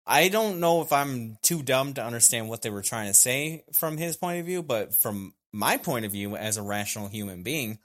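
A man's voice: mid-range voice, lively intonation, moderate pace, hardly any pauses, a bit bright. A man chatting on a podcast about an anime, laid-back and rambling, often laughing. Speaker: podcast co-host. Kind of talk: casual anime recap chat.

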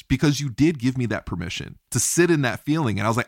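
A man's voice: mid-range voice, quick pace, hardly any pauses, no echo, clean studio sound. A man hosting a podcast, telling stories with energy, swearing freely and acting out what others said. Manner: animated storytelling, swears freely, acts out quotes. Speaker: podcast host. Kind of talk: casual podcast chat.

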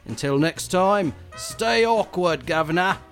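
A man's voice: mid-range voice, moderate pace, fairly bright tone, soft background music, close to an everyday voice. A man putting on a hammy British accent to read a podcast's closing credits. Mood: playful. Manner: hammy, playful sign-off.

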